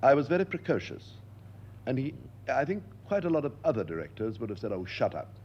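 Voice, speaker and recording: An older man being interviewed, telling lively stories and acting out the voices he quotes. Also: mid-range voice, a little fast, highs cut off, slight background noise. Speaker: interviewed actor. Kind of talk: anecdotal interview talk.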